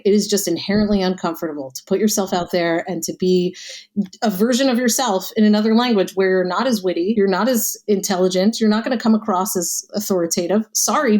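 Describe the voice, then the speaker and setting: A chatty woman in her thirties speaks with a light American accent. She talks casually as a podcast guest, with a lively, quick manner and laughs often. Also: medium pitch. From United States. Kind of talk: casual conversation.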